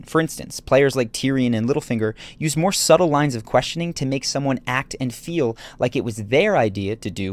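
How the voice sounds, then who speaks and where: A man doing scripted narration for a video essay, explaining points in a measured, analytical way. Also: mid-range voice.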